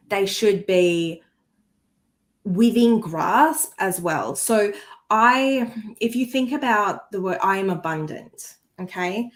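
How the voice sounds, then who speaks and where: Woman, podcast co-host, earnest and heartfelt, coaching tone, self-correcting mid-sentence, mid-range voice. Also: mid-range voice. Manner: restarts sentences while searching for words. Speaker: co-host and energy healer. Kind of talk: casual podcast chat.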